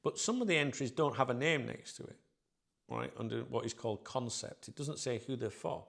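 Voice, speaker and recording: A man's voice: mid-range voice, fairly quick, creaky, fairly bright tone. A man talking casually in an interview, rambling with lots of fillers and "right?" tag questions. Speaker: football club staff member, interview guest.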